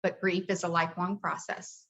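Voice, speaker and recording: A middle-aged woman, a grief coach, talking in a soft, heartfelt way with many hesitations in a podcast interview. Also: fairly low pitch, level tone, moderate pace. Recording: dull lo-fi audio.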